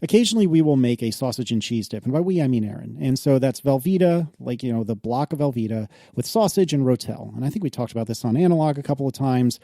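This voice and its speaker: A man co-hosting a podcast in casual chat, animated and quick to laugh, with exasperated protests. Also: mid-range voice, dry recording, studio quality. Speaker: podcast co-host.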